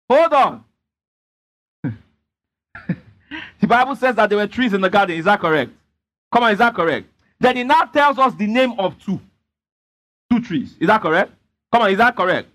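High-voiced preacher, emphatic. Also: male voice, lively intonation, normal speed, pauses often, a bit bright. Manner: emphatic, repeatedly prompting the congregation. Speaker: pastor. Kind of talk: sermon with call-and-response.

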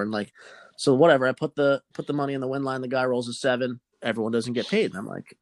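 A man's voice: mid-range voice, steady tone, fast talker, no room sound. Young male podcast host, casual and profane, rambling storyteller with a dry, close sound.

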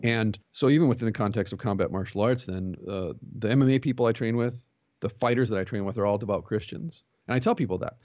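A man's voice: on the low side, quick pace, darkish tone, no echo, highs cut off. A man who is a pastor and jiu-jitsu instructor, talking earnestly as a podcast guest and telling stories with quoted dialogue. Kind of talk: conversational interview.

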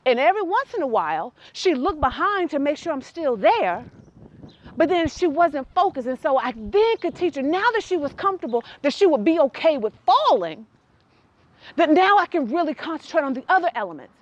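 A woman telling a personal story that turns into a faith lesson, animated and quick to laugh. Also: sits high, highs cut off.

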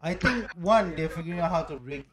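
Animated joking male podcast host. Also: fairly high pitch, brisk, a crowd in the background. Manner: animated, joking, swears freely. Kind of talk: casual chat.

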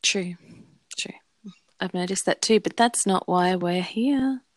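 A woman's voice: lowish voice, slow, no echo. A woman co-hosting a podcast in casual chat, rambling and searching for words. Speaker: podcast co-host.

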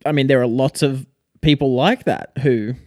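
Animated young man telling a story. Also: medium pitch, moderate pace, dry recording, clean studio sound. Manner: animated storytelling with frequent "like" fillers. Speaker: podcast co-host. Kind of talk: casual chat.

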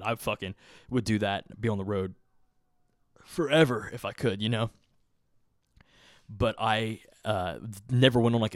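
Here a young man hosting a podcast rambles through a lengthy casual story, heavy on profanity and filler. His pitch is fairly low, and the sound is dry and studio-clean.

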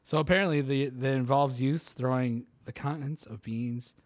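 A man's voice: medium pitch, fairly even intonation, moderate pace. A man in his thirties co-hosting a podcast, reading out odd news stories and swearing casually. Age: 30s. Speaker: podcast co-host. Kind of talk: casual chat.

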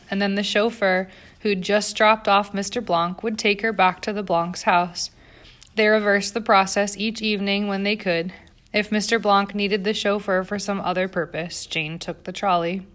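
A woman reading a novel aloud as narrator, in a measured storytelling manner. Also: mid-range voice, little pitch movement, fairly bright tone. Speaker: audiobook narrator. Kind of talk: scripted narration.

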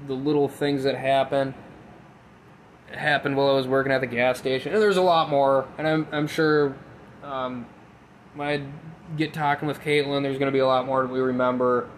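A man's voice: mid-range voice, a little hiss or hum, low-quality recording. A young man from Minnesota with a Minnesotan accent, hosting a podcast in a rambling, profane monologue, recorded on a phone inside a tin building. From Midwest, Minnesota. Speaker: podcast host. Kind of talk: casual solo podcast monologue.

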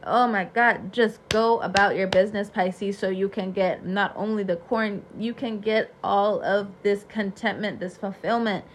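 A woman giving a tarot reading, loud, profane and laughing as she hypes up her listeners. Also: mid-range voice, fairly even intonation, unhurried, hardly any pauses, a little hiss or hum. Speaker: tarot reader. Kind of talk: animated tarot reading monologue.

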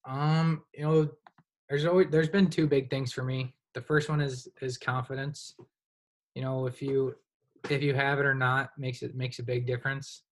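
A college hockey goaltender in his twenties, speaking with a medium-pitched voice at a moderate pace, is a guest on a podcast interview. Relaxed and rambling, he fills his sentences with "you know."

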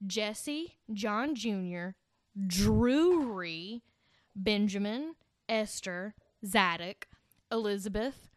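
A woman's voice: medium pitch, drawn-out words, dry recording. A woman hosting a casual podcast, telling a scary story with swearing and joking asides. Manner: swears freely, jokey asides.

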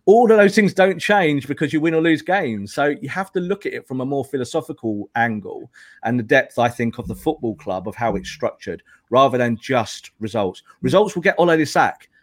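Guesting as a pundit on a football podcast, this man speaks fairly quickly in a mid-range voice with lively intonation. He lectures emphatically, returning again and again to hammer his arguments, and the sound is close and dry, free of echo.

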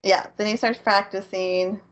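A woman's voice: mid-range voice, steady tone, unhurried, highs cut off. A woman co-hosting a podcast, casually recapping an anime and laughing often. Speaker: podcast co-host.

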